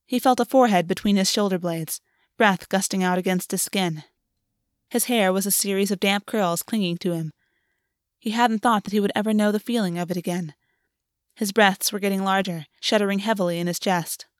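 A woman reading a fan fiction story aloud in a steady, even narration. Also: medium pitch, fairly quick, no echo, clean studio sound. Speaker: audiobook reader.

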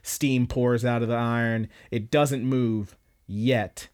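A man's voice: mid-range voice, steady tone, slow, a little mellow, clear, resonant tone. A man on a podcast casually retelling an anime episode, loose and profane, with lots of fillers. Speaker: podcast host.

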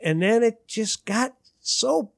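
This Detroit-area musician guest has an extremely high, creaky voice and speaks slowly but animatedly while telling rambling anecdotes in casual chat. He acts out quotes and laughs at himself, recorded in studio quality with no room sound.

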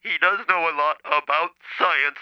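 A robotic speech-synthesizer voice playing an indignant male caller, flat and clipped. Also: fairly high pitch, moderate pace, clean tone, muffled recording. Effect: computer speech synthesizer.

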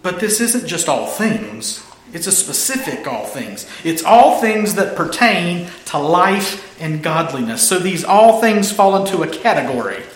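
A man's voice: high-pitched, very animated, a little slow, hardly any pauses, reverberant. A man preaching a sermon, stressing and repeating his key phrases with emphasis.

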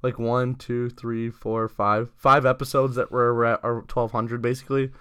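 A man's voice: mid-range voice, little pitch movement, moderate pace, pushed and bright, smooth. A young man co-hosting a podcast in loose, profane, casual banter, laughing often. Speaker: podcast co-host.

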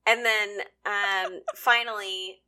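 Woman co-host, bright voice, brisk and playful. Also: medium pitch, steady tone. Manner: lays out rules briskly, playful. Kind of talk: casual chat.

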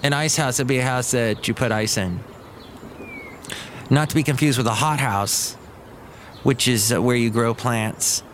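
A man's voice: medium pitch, moderate pace, pauses often, fairly bright tone, a little hiss or hum. A man hosting a podcast in a casual, rambling monologue who digresses, trails off and corrects himself. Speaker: podcast host.

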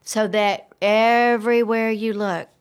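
A woman's voice: fairly high pitch, flat delivery, slow pace, clean tone. An older woman, co-hosting a casual podcast chat, talking reflectively and laughing easily. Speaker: podcast co-host.

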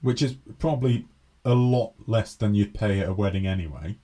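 A man's voice: lowish voice, normal speed, warm tone. A man co-hosting a casual podcast, reading a news item aloud and then joking with his co-host. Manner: reads news aloud, then jokes and acts out skits. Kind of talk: casual chat.

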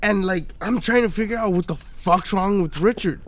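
A man's voice: high voice, moderate pace, slight background noise. A drunk man telling a rambling, profane story in casual podcast chat, acting out what people said. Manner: profane, rambling, acts out quoted dialogue.

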